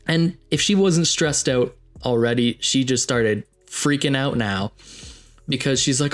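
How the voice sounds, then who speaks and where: A young podcast host from Ontario, Canada, tells a story casually and animatedly, rambling into asides and packing in fillers. His voice is medium-pitched and unhurried, with soft music underneath.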